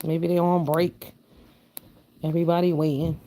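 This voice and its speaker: A woman around fifty chatting casually with her livestream viewers, swinging between loud exclamations and low mutters. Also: flat delivery, moderate pace. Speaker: livestream host.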